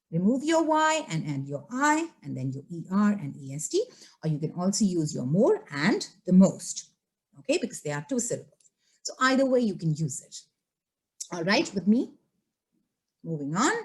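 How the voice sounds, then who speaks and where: Middle-aged female ESL teacher, low and animated, patient check-ins. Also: normal speed. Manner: patient, repeats "okay?" and "all right?" to check students. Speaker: English teacher. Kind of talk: online grammar lesson.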